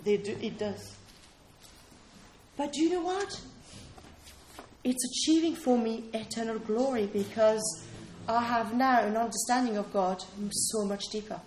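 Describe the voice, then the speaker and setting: Woman preacher, high voice, chatty sermon delivery that keeps checking in with the room, roomy echo. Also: a little slow, a little mellow, slight background noise. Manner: conversational, keeps checking in with "okay?" and questions to listeners. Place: room with a small responding audience.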